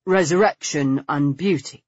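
A woman reading the part of a charming, flirtatious man keen on antiquities, in a smooth, coaxing, courteous manner. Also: on the high side, unhurried, dry recording, muffled recording.

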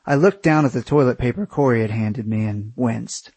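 A young man reads a first-person travel story in a crude, wry storytelling manner. His voice is somewhat husky and sits at a middle pitch. It is recorded dry and close. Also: moderate pace, darkish tone, no echo. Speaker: narrator.

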